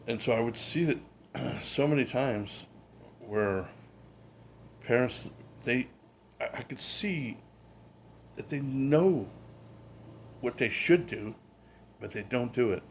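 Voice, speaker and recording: Guy talking casually to camera, mid-pitched, lots of um and you know, bit of hiss in the background. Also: takes it slowly, long pauses. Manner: conversational, lots of fillers and asides, acts out quotes. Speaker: channel host. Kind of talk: casual monologue.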